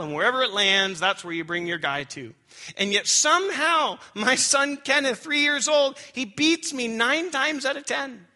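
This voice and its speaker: Man preaching a sermon, high voice, very bright, animated storyteller. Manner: animated storytelling, swings high when excited. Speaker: pastor.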